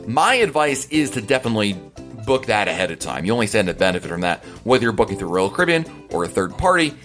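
A man's voice: mid-range voice, big pitch swings, fast, fairly bright tone, soft background music. A man hosting a podcast in a casual, chatty, rambling way as he answers listener emails. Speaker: podcast host.

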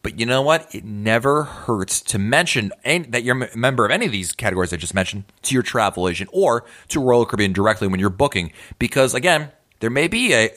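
Man, podcast host, casual tips talk, emphatic asides, animated pitch. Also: fairly quick, few pauses.

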